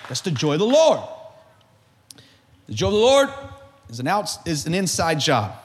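A male pastor preaching with a high voice that climbs and swoops widely. He jokes with his church, throws out call-and-response questions, and builds to shouted peaks before dropping back to a calmer teaching tone. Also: moderate pace. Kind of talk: sermon.

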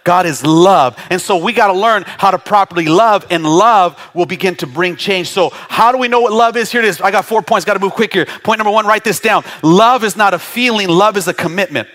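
A male pastor preaching a sermon, animated and often laughing as he acts out congregants' voices. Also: sits high, a little fast, hardly any pauses.

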